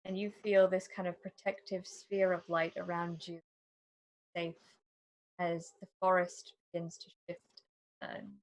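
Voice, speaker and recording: A woman narrating a tabletop game in a measured, dramatic way. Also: fairly low pitch, level tone, no room sound, poor audio. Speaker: game master.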